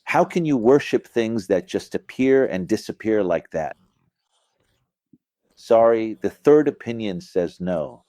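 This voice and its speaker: A man's voice: fairly low pitch, expressive, unhurried, dark tone, no echo. A middle-aged man giving an informal religious lesson, talking conversationally, checking in with listeners and acting out phrasings with emphasis. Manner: conversational, asks listeners "you get it?"; acts out phrasings with vocal emphasis. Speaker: religious teacher. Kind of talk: informal explanatory lecture.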